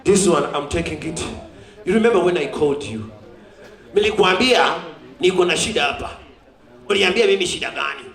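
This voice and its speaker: A man's voice: high-pitched, lively intonation, fairly quick, gravelly, long pauses, a bit bright. A Ugandan man giving an exuberant public thank-you speech at a ceremony, laughing often and mixing in Swahili. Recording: roomy echo.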